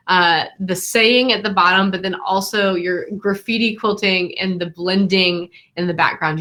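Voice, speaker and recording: Facing her webcam, a woman who teaches quilting online gives a live-streamed graduation speech, effusive and encouraging toward her students. Her medium-pitched voice is bright and forceful.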